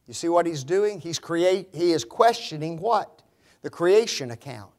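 A man with a notably high voice preaching a sermon. He stresses his words hard and keeps throwing rhetorical questions at his listeners. His tone turns scornful when he repeats the phrases he is arguing against. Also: lively intonation, unhurried. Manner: emphatic, rhetorical questions to the audience, mocking quoted phrases.

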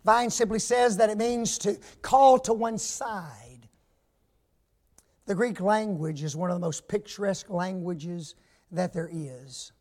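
A male preacher giving a sermon. He stresses words loudly, drops to hushed asides and asks the congregation rhetorical questions. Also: high voice, takes it slowly. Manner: emphatic, swings from loud stress to hushed asides.

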